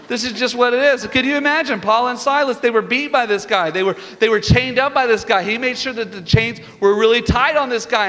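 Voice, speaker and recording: A man preaching a sermon as pastor, telling stories with lively energy and building to fervent peaks. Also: very high voice. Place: church sanctuary. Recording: reverberant hall with music behind.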